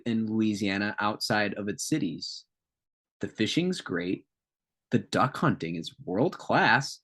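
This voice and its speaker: A man's voice: medium pitch, fairly bright tone. A man co-hosting a casual podcast, reading notes aloud with joking asides and tangents. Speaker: podcast co-host.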